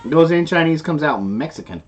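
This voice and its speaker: A man's voice: a little high, lively intonation, a little fast, dull audio. A man co-hosting a casual live stream, joking and bantering with viewers and his partner.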